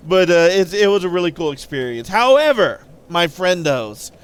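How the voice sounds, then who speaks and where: A man's voice: high voice, big pitch swings, normal speed, smooth. A young man chatting casually on a live game stream, rambling through stories and thanking viewers as he goes. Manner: rambling storyteller who thanks viewers mid-story.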